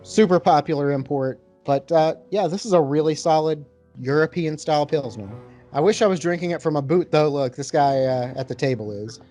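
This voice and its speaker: A man hosting a relaxed podcast with a voice pitched a little above average. He rambles in an easy, unhurried way, leaning on "like" and "you know" as he talks. His delivery is loose and conversational. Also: faint music behind. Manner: relaxed, rambling, heavy with fillers. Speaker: podcast host, beer taster. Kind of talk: casual chat.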